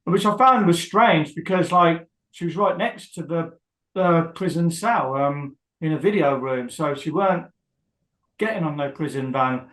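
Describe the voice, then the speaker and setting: A man being interviewed, talking hesitantly with many pauses and fillers as he rambles through what happened. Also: fairly high pitch, fairly bright tone, reverberant, low-quality recording. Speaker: guest, husband of a prisoner. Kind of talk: emotional interview.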